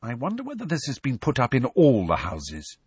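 Man putting on a smart teen girl, crisp and grim, measured, husky storybook read. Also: medium pitch, huge pitch swings, darkish tone, no room sound, voice pushed up, heavily acted. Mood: cool, firm. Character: teen schoolgirl, clever, cool and firm.

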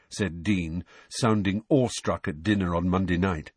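A man reading a novel aloud as an audiobook narrator, in measured storytelling. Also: sits low, darkish tone, dry recording. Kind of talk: scripted narration.

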